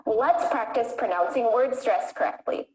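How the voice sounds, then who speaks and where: A woman teaching English pronunciation in a clear, deliberate, scripted way. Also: fairly high pitch, darkish tone. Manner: clear, deliberate modeling of words. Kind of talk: scripted lesson narration. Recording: echoey room.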